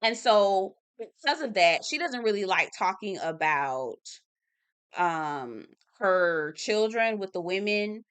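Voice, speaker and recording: A woman recapping a reality-TV episode in a casual vlog, blunt and animated, swearing freely and talking straight to her viewers. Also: medium pitch, takes it slowly, smooth. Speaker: TV review vlogger.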